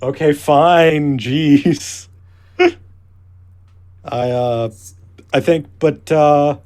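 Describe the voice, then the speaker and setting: A man's voice: a little high, very slow, a little mellow, clear, resonant tone. A man co-hosting a casual podcast, starting his points hesitantly with fillers. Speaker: podcast co-host. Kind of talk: casual chat.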